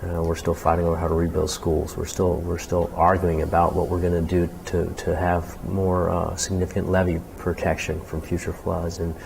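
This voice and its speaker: A man being interviewed as a jazz clarinetist, talking reflectively with many restarts and growing animated when he quotes others. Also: low voice, normal speed, gravelly, few pauses, a little hiss or hum, poor audio.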